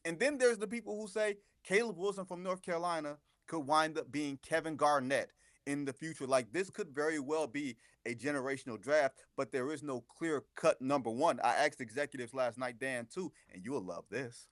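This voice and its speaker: A man talking as a guest basketball reporter on a sports radio show, animated and sarcastic, with strong emphasis. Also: fairly high pitch, normal speed, dry recording, clean studio sound.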